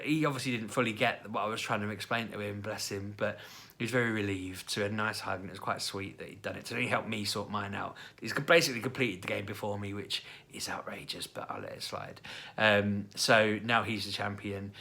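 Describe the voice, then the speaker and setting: A man in his thirties telling a family story in a casual vlog, jumping into high, animated voices when he quotes people. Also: fairly quick, creaky. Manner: chatty, acts out quoted lines with sudden high-pitched voices. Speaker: parent vlogger.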